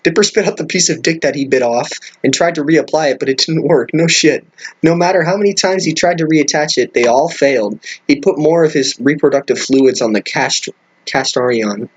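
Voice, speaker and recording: Husky-voiced man reading aloud, exasperated. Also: on the high side, normal speed. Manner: stumbles over words and breaks in with incredulous, profane remarks. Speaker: comedic reader. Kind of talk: reading a fan fiction aloud with commentary.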